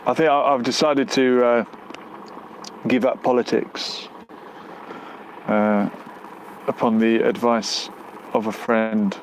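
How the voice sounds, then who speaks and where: A man's voice: mid-range voice, flat delivery, slow, slight background noise, rough recording. A man hosting a casual live stream outdoors near a road, reading out viewer comments and musing aloud with lots of fillers. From United Kingdom.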